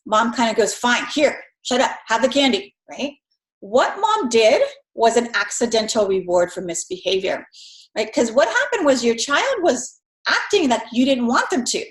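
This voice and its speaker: A woman with a fairly high voice teaches in a relaxed, conversational way. She slips into quick voices for parents and children as she explains. The sound is roomy and echoey. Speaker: instructor. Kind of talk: recorded lecture.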